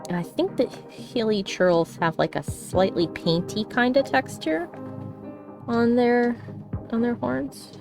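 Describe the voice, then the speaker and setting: A woman's voice: on the high side, slow pace, gravelly, music in the background. A woman chatting casually and affectionately on her live stream while she draws, laughing often. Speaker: streamer and artist. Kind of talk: casual chat while drawing.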